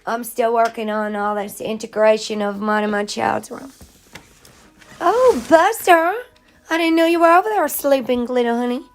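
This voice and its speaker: A woman speaking at home in an earnest, heartfelt spiritual monologue, now and then drifting into soft singing. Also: a little high, normal speed. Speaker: vlogger sharing grief healing. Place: home, in her child's room.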